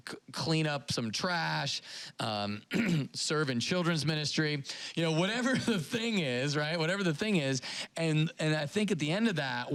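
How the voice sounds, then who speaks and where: A man's voice: medium pitch, smooth, no echo, poor audio. A man hosting a church podcast, talking casually and animatedly, telling stories with acted-out voices. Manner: animated storyteller, acts out quoted voices. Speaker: pastor and podcast host.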